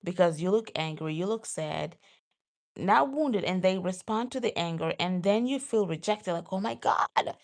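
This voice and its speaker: Woman vlogger, bit of fry in her voice, chatty and animated, jumps way up in pitch acting out her blowups. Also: moderate pace. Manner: animated, voice jumps high when acting out her own outbursts; says "y'all" and "you guys". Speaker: vlogger host. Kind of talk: casual talk to camera.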